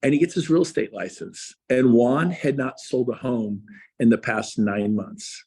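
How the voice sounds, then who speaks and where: A man's voice: medium pitch, lively intonation, measured pace, mellow, slightly rough. A man, a real estate coach, giving an emphatic motivational speech to agents and firing rhetorical questions at them. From Texas.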